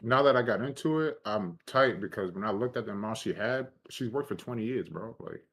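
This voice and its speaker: Low-voiced, slangy young man chatting. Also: a little fast. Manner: relaxed, slangy, profane. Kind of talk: casual chat.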